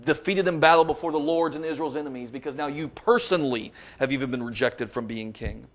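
A man delivering a sermon, reading scripture aloud with dramatic emphasis and rising to forceful peaks. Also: fairly high pitch, fast talker. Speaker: preacher.

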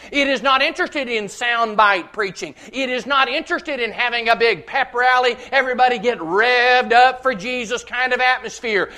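A man preaching slowly and deliberately, letting each phrase land before the next. He reads scripture aloud with verse references, then drives his points home in loud, repeated declarations. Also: very high voice. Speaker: pastor. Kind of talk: sermon.

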